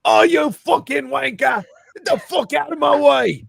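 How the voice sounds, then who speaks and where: A man's voice: extremely high pitch, measured pace, vocal fry, dry recording, clean studio sound, voice pushed up, exaggerated voice. A man putting on a British accent to voice a crude, swearing bloke who hurls cheeky insults in a mock-rude, jokey way. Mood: shouting. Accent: put-on British.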